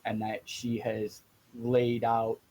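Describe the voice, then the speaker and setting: Dm guy narrating slow, pretty monotone. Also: medium pitch, rough recording. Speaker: dungeon master. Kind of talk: narrating a tabletop game.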